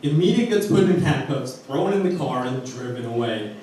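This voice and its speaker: A man from Arizona casually telling an animated personal story and acting out the people in it. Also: mid-range voice, moderate pace, very echoey, recorded from a distance, slight background noise, low-quality recording. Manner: casual, animated, acts out quotes.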